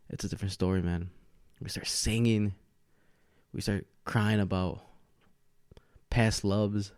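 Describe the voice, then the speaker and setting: A man's voice: fairly low pitch, a little mellow, no echo, clean studio sound. A man hosting a podcast alone at home, a bit tipsy from tequila, chatting in a loose, rambling way and laughing often. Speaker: podcast host. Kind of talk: casual solo podcast chat. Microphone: podcast mic with camera setup.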